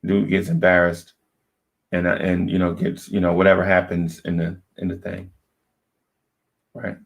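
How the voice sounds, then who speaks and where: A man's voice: low voice, flat delivery, normal speed, vocal fry. A man on a podcast telling a personal story in a casual, conversational way, often checking in with his listeners. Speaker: podcast co-host.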